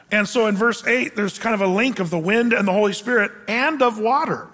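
A male pastor preaches in a bright, high voice, his words ringing out in a long hall echo. He teaches conversationally, reading scripture aloud and asking his congregation questions. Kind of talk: verse-by-verse Bible teaching sermon.

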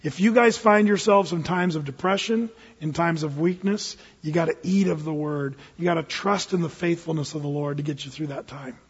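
A male pastor preaching a sermon, animated, acting out characters from scripture with big swings in pitch and loudness. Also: normal speed, slightly rough. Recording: muffled recording with long hall reverb.

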